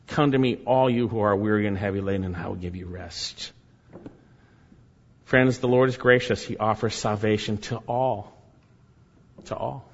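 A man preaching a sermon, emphatic, repeating key phrases and swinging between loud and soft delivery. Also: medium pitch. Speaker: pastor. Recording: dull sound with long hall reverb.

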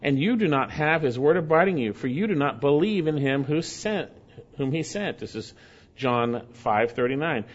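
A man preaching an expository sermon, stressing key phrases and repeating them, slowing for emphasis and hurrying through asides. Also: on the high side, expressive. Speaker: pastor. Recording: dull lo-fi sermon recording.

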